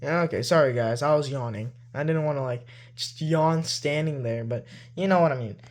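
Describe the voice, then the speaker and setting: A man's voice: fairly high pitch, normal speed. A man showing off his toy collection in a loose, rambling way, with plenty of "like" and "you know". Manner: loose and easygoing. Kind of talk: casual show-and-tell.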